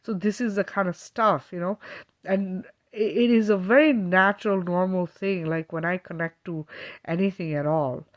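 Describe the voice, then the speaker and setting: A woman's voice: lowish voice, steady tone, moderate pace. A woman talking casually to her viewers about spiritual healing, earnest and emotional, rambling with many fillers and restarts. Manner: earnest and emotional, laughs now and then. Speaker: spiritual channel host.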